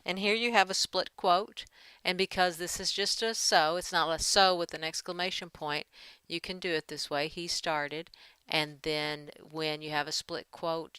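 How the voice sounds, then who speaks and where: A woman's voice: deep voice, bright, forceful tone, clear, resonant tone, dry recording. A woman giving a writing lesson, talking through edits as she works and reading draft passages aloud. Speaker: writing teacher. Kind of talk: screen-share editing lesson.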